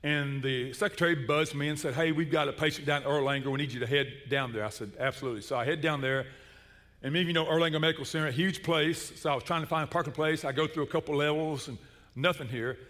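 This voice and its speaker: Man, middle-aged, preacher, bright ringing voice, slightly high, long hall reverb. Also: fast talker. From Chattanooga, Tennessee. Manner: animated, comic storytelling. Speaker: pastor. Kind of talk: sermon with storytelling.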